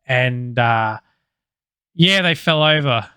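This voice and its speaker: A man's voice: medium pitch, expressive, slow pace, bright, forceful tone, smooth, dry recording, studio quality. A man casually telling a podcast story, loose and sweary with lots of fillers. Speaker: podcast co-host.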